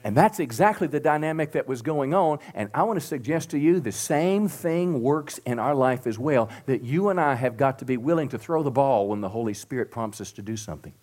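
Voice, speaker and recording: A middle-aged man preaching to a church congregation, swinging from loud emphatic peaks to soft drops and calling out to the crowd for responses. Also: medium pitch, lively intonation, brisk, few pauses. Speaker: pastor. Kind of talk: sermon. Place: church sanctuary.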